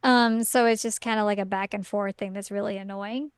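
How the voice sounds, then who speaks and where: Smooth-voiced woman chatting casually. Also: mid-range voice, steady tone, brisk, no echo. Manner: chatty, full of "like" and "um" fillers. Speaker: podcast co-host. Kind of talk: casual chat recapping a story.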